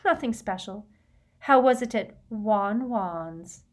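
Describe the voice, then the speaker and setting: A woman voicing a brisk, clever teenage girl in an audiobook, with quick, clipped, emphatic speech. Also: medium pitch, animated, pitched above the performer's own voice. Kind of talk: audiobook character voice.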